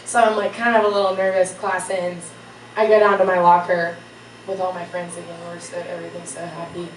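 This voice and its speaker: A woman's voice: fairly low pitch, level tone, brisk. A young woman telling a funny story to a live audience, casual and profane, laughing often. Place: stage before a live audience. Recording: echoey room, distant mic, audience noise.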